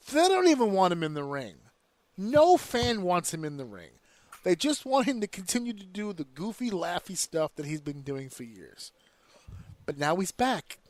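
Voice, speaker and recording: A man hosting a casual podcast, ranting in an animated, profane way. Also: fairly high pitch, no echo. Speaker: podcast host.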